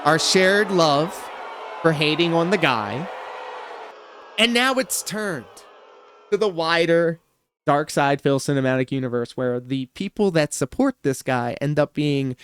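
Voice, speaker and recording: Sarcastic animated male streamer. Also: a little high, measured pace, a little hiss or hum. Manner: animated, sarcastic, bursts into shouts and laughter. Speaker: livestream reaction host. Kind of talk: casual reaction commentary.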